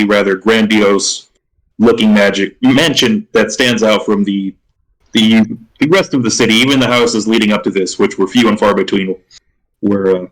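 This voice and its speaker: A man narrating a tabletop role-playing game as game master, halting with frequent restarts. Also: fairly low pitch, rough recording. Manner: halting, many restarts and fillers.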